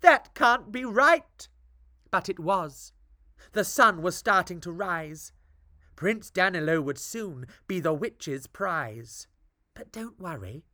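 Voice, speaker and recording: A woman reading a rhyming fairy tale aloud with a lilting, expressive delivery. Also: on the low side, slow, no room sound, clean studio sound. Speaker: storyteller.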